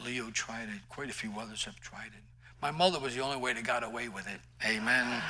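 A man's voice: medium pitch, bright, forceful tone, husky, low-quality recording. A male pastor preaching a sermon in an emphatic, conversational way, mixing scripture with personal stories.

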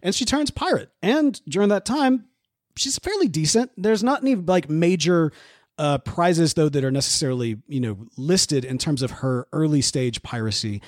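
A man's voice: a little high, lively intonation, normal speed, no echo, studio quality. A man hosting a podcast who tells a history story in a casual, jokey way and acts out the characters as he goes. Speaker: podcast host.

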